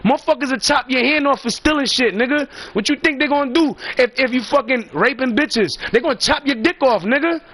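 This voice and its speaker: High-voiced man on a profane rant. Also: a little fast, hardly any pauses, fairly bright tone, husky, no room sound. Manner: profane, rambling, emphatic. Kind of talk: casual storytelling rant.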